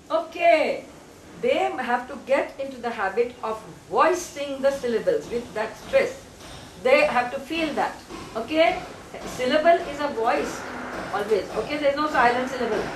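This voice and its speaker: A woman speech teacher drilling a child on syllables, firm and insistent, repeating words slowly. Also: sits high, slight background noise. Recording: echoey room, mic far off.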